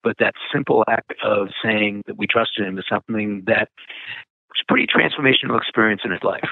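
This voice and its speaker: A man's voice: lowish voice, fairly quick, creaky, no echo. Man telling stories over a tinny phone line. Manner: rambling with frequent fillers and restarts. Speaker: nonprofit founder, interview guest. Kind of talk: conversational storytelling.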